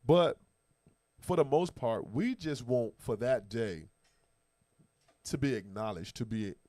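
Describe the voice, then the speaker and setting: Animated man talking in a dry studio. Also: medium pitch, slow, dry recording. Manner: animated, emphatic storytelling with slang. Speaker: podcast host. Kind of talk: casual chat.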